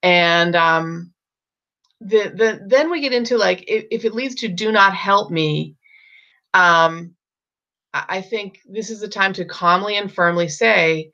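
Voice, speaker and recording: Gravelly-voiced woman coaching parents. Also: medium pitch, measured pace, bright, forceful tone. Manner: thinks aloud with many ums and restarts. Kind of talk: casual advice talk. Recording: dull lo-fi recording.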